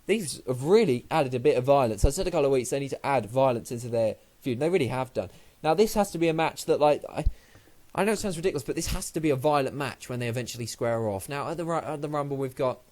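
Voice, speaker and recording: A man's voice: medium pitch, expressive, quick pace, darkish tone. A man casually reviewing a wrestling show on his own channel, rambling and swearing, and sounding like he just woke up. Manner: rambling, sweary, loses his train of thought. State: sleepy, just woken up. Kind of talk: casual solo review vlog.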